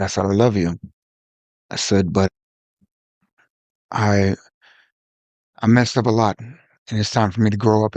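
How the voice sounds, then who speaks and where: A man hosting a podcast, telling a personal story in a reflective, halting way with frequent restarts. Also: fairly low pitch, a little mellow, no echo. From Ohio. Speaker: podcast host.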